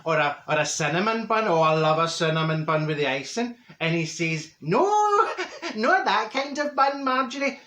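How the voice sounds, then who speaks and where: In a reverberant recording, a man speaks in a slightly high, sharp voice with fairly even intonation, quickly and with hardly any pauses. Speaking to camera in a Glaswegian accent, he plays a chatty, straight-talking middle-aged Glasgow woman who rambles through gossip and mixes up big words.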